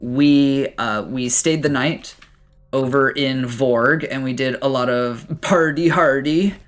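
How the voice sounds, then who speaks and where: A man running a tabletop game, telling the scene in a loose, rambling way full of fillers. His pitch sits in the middle range. Faint music plays behind him. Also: slow, a bit bright. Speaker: game master.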